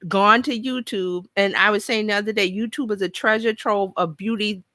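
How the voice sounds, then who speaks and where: A woman's voice: mid-range voice, fairly even intonation, normal speed, bright, forceful tone, dry recording. A woman from New York hosting a casual live show, chatting and reading out viewer comments. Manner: chatty, thinks aloud, reads viewer comments. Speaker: host.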